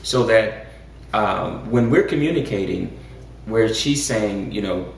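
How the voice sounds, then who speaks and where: Man co-host, gravelly voice, measured and preacherly, picked up from a distance in an echoey room. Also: fairly low pitch, lively intonation. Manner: measured, preacherly, rising with emphasis. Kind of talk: casual chat. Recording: echoey room, far from mic, faint noise.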